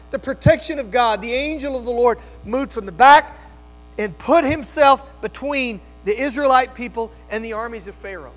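A man preaching a sermon as pastor, telling the story dramatically, dropping to a hush and rising to loud cries. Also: very high-pitched. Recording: long hall reverb, faint music and mains hum.

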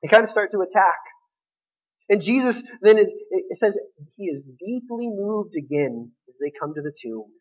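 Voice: medium pitch, lively intonation, moderate pace, breathy edge, muffled recording. A preacher giving a sermon, retelling a scripture story in an emphatic, conversational way.

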